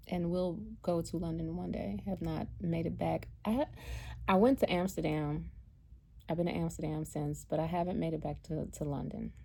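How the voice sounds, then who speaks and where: An American woman telling a personal travel story in a chatty, animated way, acting out what people said. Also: deep voice, vocal fry. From United States. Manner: chatty, animated, acts out quotes. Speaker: vlogger and spiritual card reader. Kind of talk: casual storytelling.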